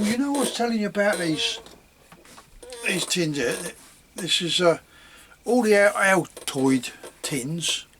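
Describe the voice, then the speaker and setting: A man's voice: high voice, a bit bright, a little hiss or hum. A man rambling casually about his leatherwork in a home vlog, chuckling at himself as he goes. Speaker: leatherworking hobbyist.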